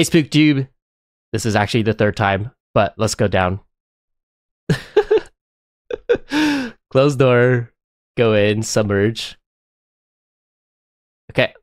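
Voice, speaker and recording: A man giving excitable, chatty live commentary while playing a game, often breaking into laughter. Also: on the low side, dry recording, studio quality. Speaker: live streamer.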